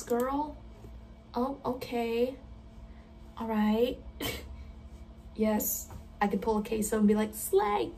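A woman chatting casually while playing a game, self-deprecating and quick to giggle at her own mistakes. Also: a little high, a little mellow, recorded from a distance, a little hiss or hum. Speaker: gamer reacting to a game. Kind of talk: casual gameplay commentary.

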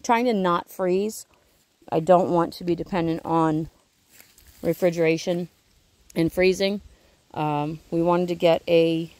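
A woman's voice: fairly low pitch, darkish tone, dry recording. Chatty woman touring her garden outdoors. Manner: chatty, rambling, self-correcting. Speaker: homesteading vlogger. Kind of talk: casual garden tour vlog. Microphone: handheld camera she films herself.

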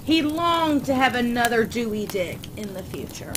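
A woman reading a crude comic fan story aloud in a deadpan, unhurried way. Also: a little high. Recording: noisy background ambience.

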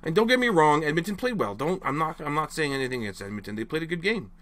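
A man's voice: fairly high pitch, lively intonation, quick pace, a bit bright. A young man ranting casually to camera as a frustrated hockey fan, rambling and exasperated, apologizing after his outbursts.

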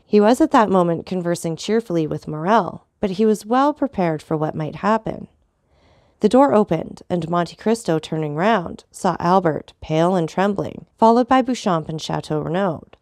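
Woman narrator for a classic novel, gravelly, dry close sound. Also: lowish voice, expressive, normal speed, darkish tone, dry recording. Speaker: audiobook narrator. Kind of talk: scripted narration.

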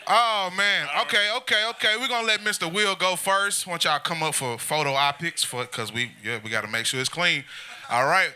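A man's voice: fairly high pitch, moderate pace, pushed and bright. A man hosting a live roast show at a comedy club, loose and profane as he hypes the crowd.

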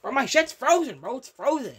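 Stammering, excitable woman gaming host. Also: sits high, a little fast, slightly rough. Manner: stammering, repetitive, profane, excitable. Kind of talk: casual gameplay commentary.

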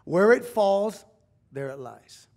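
Man, pastor, gravelly voice, slightly high pitch, emotional confessional sermon, rising to shouts. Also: expressive, slow pace. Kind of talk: sermon testimony. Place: church sanctuary.

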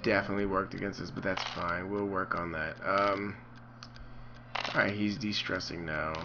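A man's voice: low-pitched, little pitch movement, moderate pace, highs cut off, background noise. A man hosting a let's play, commenting casually and thinking aloud with frequent ums as he runs a movie studio. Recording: voice over loud game music.

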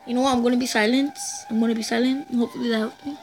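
High-pitched shrieking young gamer woman. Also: fairly even intonation, rapid-fire, soft background music. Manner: shrieks and groans, talks to viewers. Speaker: gaming channel host. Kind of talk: frustrated gameplay commentary.

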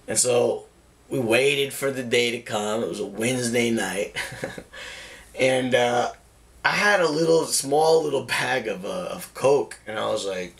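A man's voice: mid-range voice, unhurried, vocal fry, fairly bright tone. A young man casually telling a wild personal story, laughing often and swearing freely.

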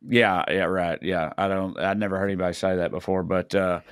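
A man's voice: low voice, little pitch movement, brisk, clear, resonant tone, no room sound, clean studio sound. A man co-hosting a podcast in casual, rambling chat, full of fillers and restarts. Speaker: podcast co-host. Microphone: remote recording, podcast mic.

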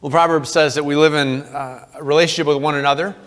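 A man's voice: on the high side, fairly even intonation, fast, fairly bright tone, big-room sound. A man preaching a sermon as pastor, reading scripture aloud in an earnest way with playful asides. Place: church sanctuary.

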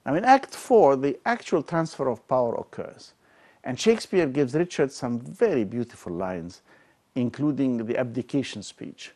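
A man giving a scripted literary talk as a lecturer on Shakespeare, with a slow, measured and emphatic delivery. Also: medium pitch, a little mellow.

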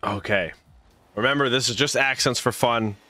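A man's voice: mid-range voice, moderate pace, sharp tone, faint music behind. A man casting a live esports match, hyped and chatty, greeting viewers while calling the play. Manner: hype, chatty, greets viewers mid-call. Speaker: stream host and caster.

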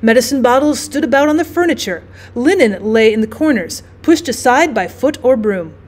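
A woman teacher narrating a classic story in a measured, expressive storytelling way. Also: fairly high pitch. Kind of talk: audiobook narration.

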